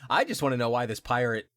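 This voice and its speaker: A man in a casual podcast chat walks through a game's story, trading jokes and poking fun at himself. His voice sits at an ordinary pitch and is recorded close and dry, with no room sound. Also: a bit bright, no echo. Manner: joking and self-deprecating, laughs between lines. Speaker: podcast co-host. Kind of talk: casual chat recapping a video game.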